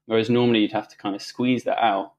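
This guest's voice is fairly low and darkish, with little pitch movement, and he talks fast. A middle-aged man on a talk show, he tells a personal story in a rambling way, restarting often, using fillers, and laughing along.

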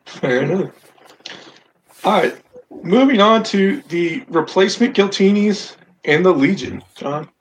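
Slightly high-voiced male podcast host. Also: lively intonation, a little slow, long pauses, a little hiss or hum, rough recording. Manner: steers the talk, moves topics along. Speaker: podcast host asking questions. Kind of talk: casual sports podcast.

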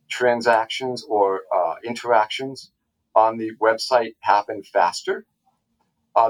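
A man, a tax attorney guest on a podcast, explaining a legal case in a casual, halting way with frequent restarts and asides. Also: medium pitch, poor audio.

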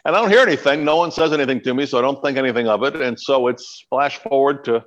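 A middle-aged man telling stories as a podcast guest, in a casual chat. He talks in an animated way and acts out what people said. His voice sits in the middle of the male range. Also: medium pitch, fast talker, highs cut off. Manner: animated storyteller, acts out quotes.

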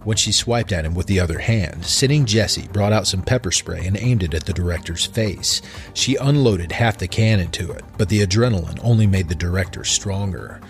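A man narrating a dark horror story in a measured, deliberate way. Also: low voice.

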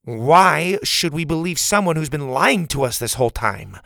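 A man's voice: medium pitch, wildly swooping pitch, a little slow, vocal fry, a bit bright, dry recording, clean studio sound, voice pushed up, exaggerated voice. A man doing an angry defiant boy camper. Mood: accusing. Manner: accusing, confrontational.

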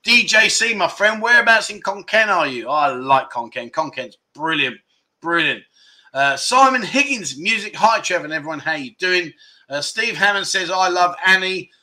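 A man with a fairly high voice and a very bright, sharp tone hosts a casual livestream. He reads out viewer messages one after another and answers with relaxed, jokey banter, calling people mate. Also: moderate pace. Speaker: livestream chat show host.

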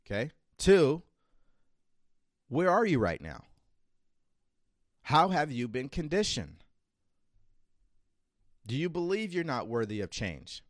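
A man's voice: mid-range voice, wildly swooping pitch, unhurried, long pauses, dry recording, studio quality. A man hosting a self-improvement show, giving an emphatic motivational monologue full of rhetorical questions. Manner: acts out a nagging inner voice. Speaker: self-improvement podcast host.

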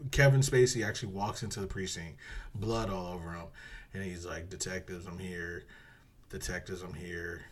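A man co-hosting a podcast in casual chat, rambling through a movie plot and acting out quotes. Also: deep voice. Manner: rambling, laughs often, acts out quotes in a dropped voice. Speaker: podcast co-host.

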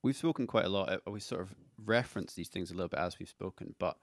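A man's voice: sits low, fast talker, vocal fry, dry recording, clean studio sound. A man hosting a podcast interview, asking long, rambling questions full of fillers. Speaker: podcast host.

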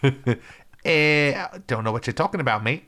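A man's voice: animated, measured pace. A man putting on a New Zealand accent to play a pompous presenter who insists he is Australian. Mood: defensive. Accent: put-on New Zealand. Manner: high-pitched mock presenter, loud.

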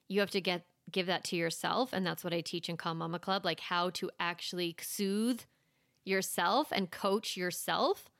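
A woman's voice: medium pitch, fairly bright tone, no echo, studio quality. A woman hosting a parenting podcast, giving reassuring advice in a chatty, casual way. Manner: chatty, reassuring, lots of "like" and "you know". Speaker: parenting coach and podcast host.

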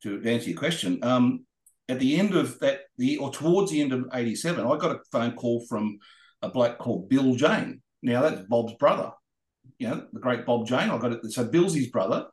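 A man's voice: mid-range voice, moderate pace, roomy sound. Rambling Australian man telling racing stories. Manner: rambling, animated anecdotes with restarts. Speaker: guest racing driver. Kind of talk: storytelling in a podcast interview.

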